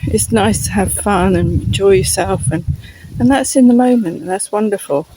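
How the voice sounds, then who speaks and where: A woman's voice: medium pitch, moderate pace, noisy background. A woman from the UK, chatty and breaking into little laughs, talking to camera while walking outdoors in the countryside. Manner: chatty, frequent little laughs, talks to her dog. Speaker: vlogger. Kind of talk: rambling walk-and-talk monologue.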